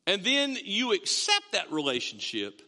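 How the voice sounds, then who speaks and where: Animated fifty-something pastor in a reverberant hall. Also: male voice, sits high, unhurried. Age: 50s. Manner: storytelling, animated, self-mocking asides. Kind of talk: sermon. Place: church sanctuary.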